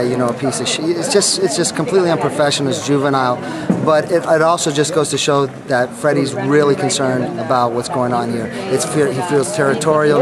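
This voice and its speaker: A man defending himself in a heated interview, indignant and full of restarts. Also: a little high. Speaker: boxing trainer. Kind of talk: heated press scrum interview.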